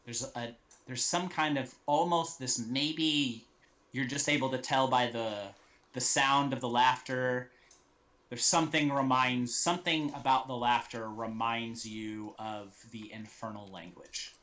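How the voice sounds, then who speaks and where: A man acts as game master, narrating a tabletop game in a mid-range voice with a sharp tone. He halts often, with lots of ums and restarts.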